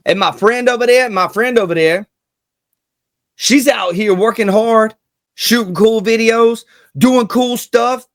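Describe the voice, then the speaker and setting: A man with a high voice hosts a casual commentary vlog, sounding hyped and slangy and repeating lines for emphasis. The recording is clean studio sound with no room echo.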